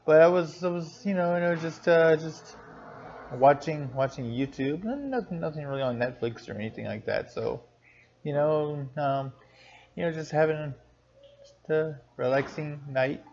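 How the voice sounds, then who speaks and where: A man co-hosting a casual chat in a coffee shop, talking haltingly with many restarts and repeated words. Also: a little high, vocal fry, a little mellow, a little hiss or hum. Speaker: co-host. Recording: dull lo-fi sound, faint music.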